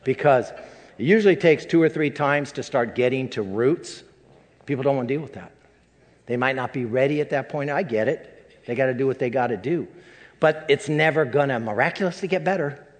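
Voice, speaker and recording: An older man, a pastor, delivering a personal sermon in a halting, emotional way, full of restarts, in a church sanctuary. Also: medium pitch. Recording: long reverb of a large hall.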